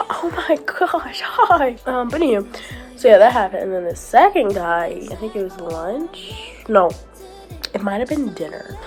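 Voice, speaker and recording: A young woman speaks at medium pitch with a darkish tone, telling stories about her week in a casual vlog as faint music plays. Chatty and quick to laugh, she fills her speech with "like", and her sore throat sounds scratchy, with a cough breaking through.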